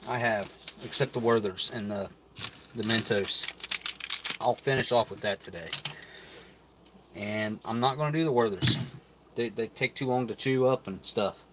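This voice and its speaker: Brief: male streamer, mid-pitch, casual, thinks aloud while eating, mouth sometimes full, faint background noise. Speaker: channel host reviewing rations. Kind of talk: casual live-stream chat while tasting food.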